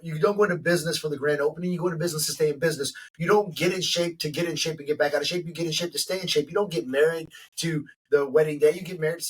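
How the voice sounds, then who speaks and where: Emphatic middle-aged man, husky voice. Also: on the high side, a bit bright, recorded from a distance, low-quality recording. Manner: emphatic, preachy, repeats lines for effect. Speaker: podcast host. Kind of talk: motivational monologue.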